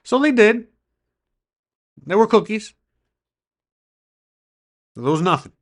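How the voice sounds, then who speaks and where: A man vlogging, telling a story to camera in an excitable way, swearing freely and acting out what people said. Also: high-pitched, slow pace. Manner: excitable, swearing, acts out the quoted dialogue.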